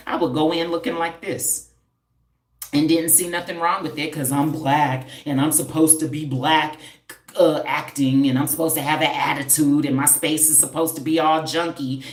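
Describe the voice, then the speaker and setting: A woman's voice: deep voice, echoey room. A woman in the style, a holistic hair practitioner hosting a live stream, talking back to viewer comments with sassy, confrontational banter and rhetorical questions. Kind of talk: livestream chat answering viewer comments.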